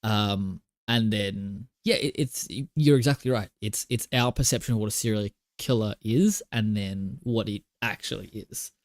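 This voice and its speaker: A man's voice: on the low side, normal speed, hardly any pauses, dry recording. Aussie guy cohosting a movie podcast, laid back, dry close sound. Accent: Australian. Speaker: podcast co-host. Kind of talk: casual chat.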